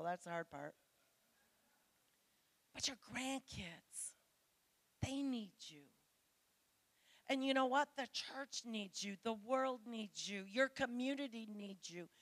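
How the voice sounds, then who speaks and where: A woman's voice: on the high side, a little slow, long pauses, no room sound. A middle-aged woman preaching a sermon to women, earnest and pleading as she speaks straight to her listeners.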